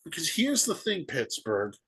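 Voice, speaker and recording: Ranting sports podcast host. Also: male voice, on the high side, wildly swooping pitch, a little slow, a bit bright, breathy edge. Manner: ranting, rhetorical questions. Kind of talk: solo sports podcast commentary.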